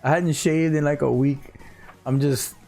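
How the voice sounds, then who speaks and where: A man's voice: a little high, fairly even intonation, a little slow, gravelly, mellow. A man in his thirties with a Cajun Louisiana accent, hosting a casual livestream from home, chatting easily and reading viewer comments aloud. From South Louisiana. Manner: laid-back, reads chat aloud, drawls "y'all". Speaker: livestream host. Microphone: studio mic on a boom.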